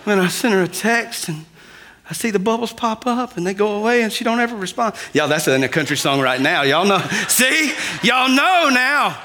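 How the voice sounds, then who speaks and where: A man's voice: sits high, animated, normal speed, bright, forceful tone. A man preaching a sermon, talking conversationally and addressing the congregation directly. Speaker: pastor.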